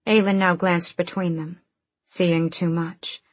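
A woman narrating a fantasy audiobook in a measured, even manner. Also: on the low side, slightly rough, no room sound.

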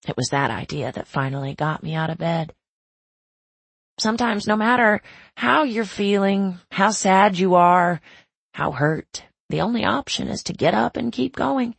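A woman narrating a first-person novel in a reflective, measured way with a husky, creaky voice. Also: medium pitch, animated, no room sound. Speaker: audiobook narrator.

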